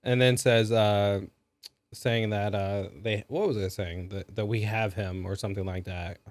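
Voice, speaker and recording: A man's voice: fairly low pitch, fairly even intonation, unhurried, dry recording. A man co-hosting a podcast, recapping a movie in a rambling, casual way with lots of fillers. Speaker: podcast co-host. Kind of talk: casual movie review chat.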